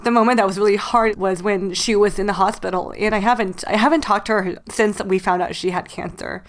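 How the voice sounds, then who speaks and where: A woman's voice: mid-range voice, steady tone, a little fast. A woman in her late twenties, a podcast co-host, telling a personal story while crying, talking loosely with many fillers. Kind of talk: casual chat.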